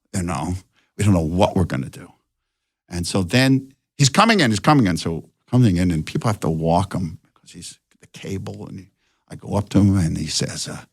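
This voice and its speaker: An older man, a guest director, telling a lively anecdote and acting out the voices of the people in it. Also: deep voice, gravelly, slightly rough.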